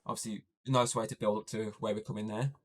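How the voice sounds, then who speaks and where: A man with a fairly low voice hosts a podcast and walks through a film plot in loose, casual chat. He rambles, leaning on fillers and restarting his sentences as he goes. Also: flat delivery, fast. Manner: rambling, heavy use of "obviously" and "like". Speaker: podcast host. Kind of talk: casual movie recap chat.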